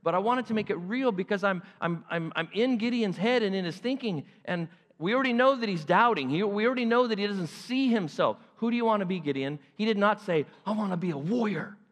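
A man preaching to a congregation with a fairly high voice that climbs and swoops as he acts out the story in character. A long reverb from the hall trails after every phrase. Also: animated, a little fast, few pauses, fairly bright tone. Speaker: pastor. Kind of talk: sermon.

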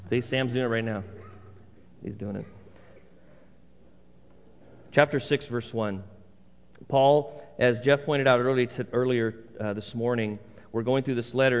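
A male pastor preaching a sermon in a church, conversational with emphatic repeated phrases. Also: mid-range voice. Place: church sanctuary. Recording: long hall reverb, dull sound.

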